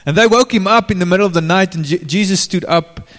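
A man's voice: sits high, fast talker, fairly bright tone. A man preaching a sermon in an informal way, turning to the congregation with direct questions. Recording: long reverb of a large hall.

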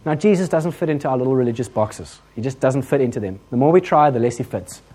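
A man with an English accent preaching a sermon in a conversational, humorous style, full of asides and lively retellings. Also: medium pitch, fast talker, husky. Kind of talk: sermon with storytelling.

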